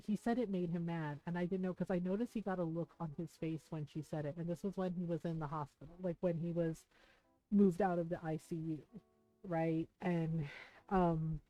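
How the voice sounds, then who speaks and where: A woman's voice: on the low side, mellow, dull audio. A middle-aged woman streaming and chatting, telling a personal story in a rambling, candid way with lots of fillers. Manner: rambling, many fillers and restarts. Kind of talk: casual chat while gaming. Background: faint game music.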